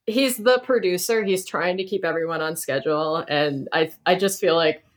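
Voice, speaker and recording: A woman's voice: on the low side, normal speed. A woman co-hosting a podcast, recapping an episode in a conversational, somewhat hesitant way. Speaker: podcast co-host. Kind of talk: casual chat recapping an episode.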